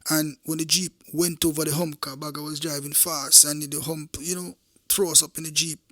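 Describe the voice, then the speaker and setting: Forceful Jamaican man recounting a shootout. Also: on the high side, level tone, moderate pace, no room sound, clean studio sound. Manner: intense, emphatic, repeats phrases, addresses listeners directly. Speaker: former police officer. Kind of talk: first-person recounting of a true event.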